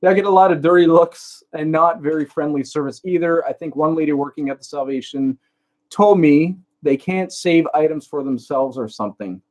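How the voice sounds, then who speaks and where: Canadian male vlogger, somewhat high-pitched, casual rambling live-chat storyteller. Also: normal speed, a little mellow. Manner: rambling anecdotes with many fillers.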